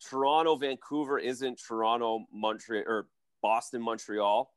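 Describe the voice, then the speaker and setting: A man talking hockey on a podcast, rambling and restarting his sentences as he goes. His voice sits at an ordinary middle pitch. The recording is dry and close, with no room sound. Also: measured pace, clean tone, dry recording. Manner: rambling, self-correcting, animated. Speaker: guest, former hockey player. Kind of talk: casual sports podcast chat.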